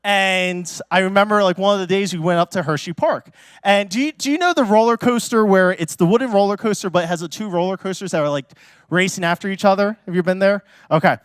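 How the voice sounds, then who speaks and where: A high-pitched man preaching as a pastor, telling stories in a loose, chatty way with plenty of fillers. He breaks into sudden loud, excited exclamations. The recording is dry and close, with no room echo. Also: fast talker, clear, resonant tone. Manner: casual and chatty, many fillers like "like" and "you know". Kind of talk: sermon with personal storytelling.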